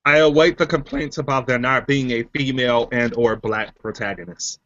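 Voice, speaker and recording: A man's voice: medium pitch, fairly even intonation, moderate pace, fairly bright tone, no echo, lo-fi sound. A man chatting casually with friends, making blunt, cynical remarks and swearing. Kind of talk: casual group chat.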